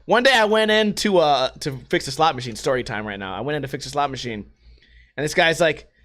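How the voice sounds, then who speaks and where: A man's voice: on the high side, expressive, a little fast, fairly bright tone. A young man from the United States hosting a casual solo podcast, telling stories with frequent swearing and laughter. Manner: profane, laughing storyteller. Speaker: podcast host.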